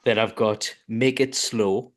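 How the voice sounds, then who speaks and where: Casting: male co-host, lower voice, halting and laid-back delivery. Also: steady tone. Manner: hesitant, many ums and restarts. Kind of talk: casual podcast chat.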